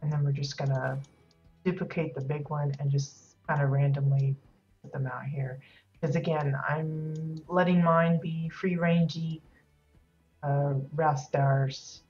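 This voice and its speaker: A woman's voice: sits low, level tone, unhurried, a little mellow. A woman streamer chatting casually as she decorates in a game, rambling and hesitant with many fillers, her voice a little worn. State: losing her voice. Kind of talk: casual live-stream commentary. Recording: dull lo-fi stream audio with music.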